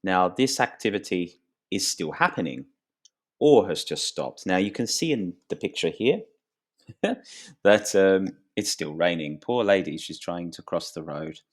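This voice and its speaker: A man with a deep, low voice teaches English grammar at an unhurried pace. He explains each point slowly and clearly, his voice rising on questions to draw the viewer in. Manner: slow, clear and lively, rising pitch on questions. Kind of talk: grammar lesson to camera.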